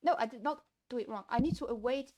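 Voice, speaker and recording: A woman's voice: fairly high pitch, fast talker, a little mellow. A young woman streaming her game development, talking to herself while she codes, swinging from frustrated to gleeful. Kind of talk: casual livestream commentary while coding.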